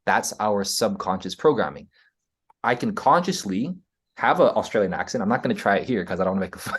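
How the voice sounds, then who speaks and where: A man's voice: fairly low pitch, expressive, fairly quick, breathy edge. A man with an American accent, a podcast guest explaining his ideas in casual interview talk, earnest, often checking in with "right?". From United States. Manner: earnest, explaining, frequent "right?" tags and restarts.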